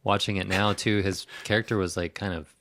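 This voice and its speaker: A man's voice: low-pitched, fairly even intonation, a little fast, a bit bright. A man co-hosting a movie podcast, chatting casually with dry, mildly sarcastic remarks. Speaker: podcast co-host. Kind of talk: casual chat.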